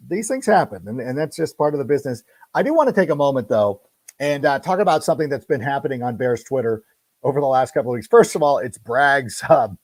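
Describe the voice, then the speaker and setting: A man's voice: mid-range voice, no echo. A middle-aged man hosting a casual sports podcast, telling stories and often restarting his sentences mid-thought. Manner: animated storyteller, quick self-corrections. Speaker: podcast host.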